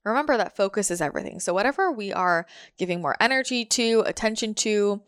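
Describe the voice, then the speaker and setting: A woman's voice: medium pitch, expressive, quick pace, clean tone, no echo, clean studio sound. A woman giving a casual, reflective motivational monologue, full of fillers like "like" and repeated phrases.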